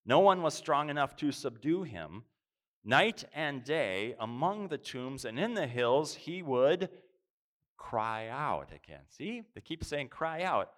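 A male preacher in the middle of a sermon, reading scripture and stretching key words out slowly for weight. His pitch moves a lot, lifting and falling through each passage. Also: sing-song, fairly bright tone.

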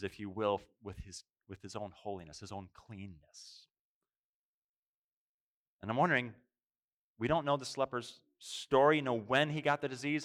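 A man preaching a sermon, reflective, asking rhetorical questions and stressing single words. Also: medium pitch. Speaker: pastor.

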